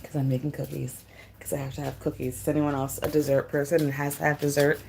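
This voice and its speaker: A woman's voice: sits low, little pitch movement, quick pace, gravelly, a little mellow, slight background noise. A woman hosting a casual livestream, chatting to viewers while she crafts, giggly and chatty. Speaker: livestream host.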